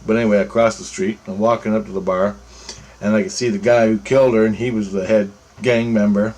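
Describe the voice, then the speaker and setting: Low-voiced man, rambling and profane. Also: little pitch movement, fast talker, a little mellow. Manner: rambling, profane, restarts phrases. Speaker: storyteller recounting a dream. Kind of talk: casual spoken storytelling.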